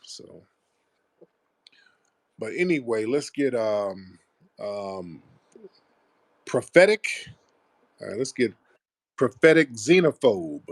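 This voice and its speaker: A man's voice: medium pitch, lively intonation, takes it slowly, long pauses, no echo. A man hosting a call-in talk show, laughing and cursing as he mocks what he talks about. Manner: laughing, profane, mocking. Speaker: show host.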